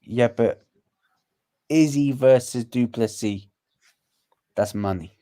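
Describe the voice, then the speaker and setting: A man co-hosting a casual fight watchalong, eager and opinionated, quick to call the next matchups. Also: mid-range voice, mellow. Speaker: co-host. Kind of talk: casual fight commentary chat.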